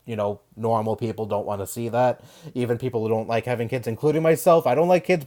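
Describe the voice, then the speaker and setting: Young male commentator of middling pitch, rambling, defensive, full of fillers and restarts. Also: a little mellow. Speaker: video commentator. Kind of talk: casual commentary reading and responding to an article.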